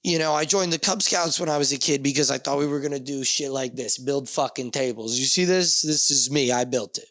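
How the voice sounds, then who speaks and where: A man's voice: medium pitch, a little fast, few pauses, fairly bright tone, dry recording. A man with a New Jersey accent hosting a casual solo podcast from a small, dusty backyard shed, rambling with profane jokes and asides. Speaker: podcast host.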